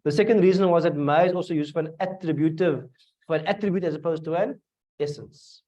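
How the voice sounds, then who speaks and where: In this distant, dull lo-fi classroom recording, a man with a South African accent gives a tafsir lesson. His voice is a little high with a dark tone and a quick pace, and he asks his students questions and repeats phrases while explaining.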